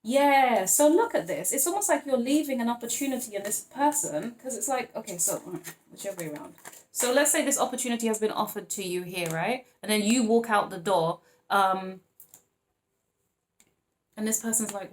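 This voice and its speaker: A woman's voice: on the high side, lively intonation, moderate pace, reverberant, slight background noise, rough recording. A woman giving a casual tarot reading to camera, playful and rambling, laughing often and calling her listeners honey and babes. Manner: playful, rambling, chatty, with frequent laughs and fillers. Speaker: tarot card reader.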